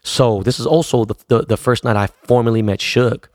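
A man's voice: medium pitch, fairly even intonation, a little fast, darkish tone, dry recording, clean studio sound. A man, a DJ telling stories casually in profane, laid-back street slang. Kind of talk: casual storytelling.

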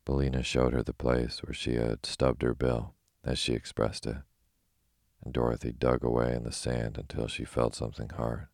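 A man reading a bedtime story in a very deep, gravelly voice. He keeps a flat, even delivery meant to lull listeners to sleep. The recording is dry and close. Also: no echo. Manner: calm, slow and soothing.

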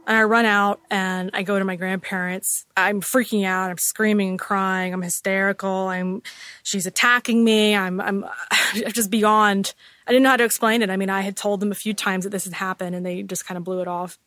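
A woman's voice: medium pitch, little pitch movement, moderate pace, fairly bright tone, dry recording. A woman telling her own ghost story in a casual, candid way with everyday fillers. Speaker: storyteller guest. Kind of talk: personal ghost story told in conversation. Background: music score.

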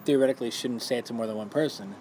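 A young man in casual group chat who acts out quotes in a lowered voice. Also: rapid-fire, darkish tone, a little hiss or hum.

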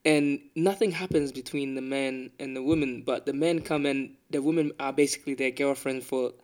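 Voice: mid-range voice, steady tone, moderate pace, darkish tone. Host as a supportive, nodding listener. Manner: supportive listener, many short agreements. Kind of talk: casual chat.

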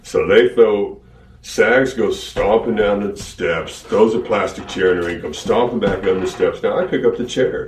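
A man with a very deep voice tells a rambling story in an easy, casual way. The sound is roomy and echoey, as if he sits some distance from the microphone, and a faint hiss runs underneath. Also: moderate pace. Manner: rambling, animated retelling. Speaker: wrestler telling a story. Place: archived interview played on a podcast.

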